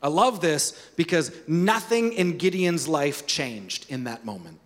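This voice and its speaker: A man's voice: a little high, lively intonation, measured pace, long reverb tail. A man preaching a sermon, earnest and conversational, asking his listeners rhetorical questions. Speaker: pastor.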